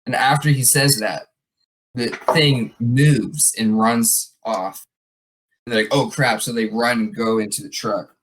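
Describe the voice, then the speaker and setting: A man's voice: mid-range voice, steady tone, a little slow, fairly bright tone, low-quality recording. A man hosting a podcast, telling a story in a rambling casual way with many fillers and restarts. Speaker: podcast host.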